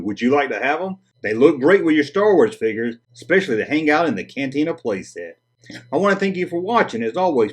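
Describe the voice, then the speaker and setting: Southern US man, toy review host, husky voice, lively pitch, cracks corny jokes. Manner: jokey, corny puns, chatty. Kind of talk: casual vintage toy review.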